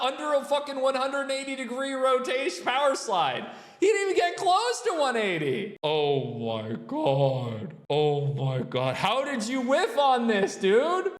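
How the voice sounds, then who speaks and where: A man's voice: very high-pitched, fairly bright tone, roomy sound, big-room sound. A man hosting a reaction show, exasperated and incredulous, swearing and laughing as he picks apart a referee's calls. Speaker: host reacting to a skate video. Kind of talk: reaction commentary.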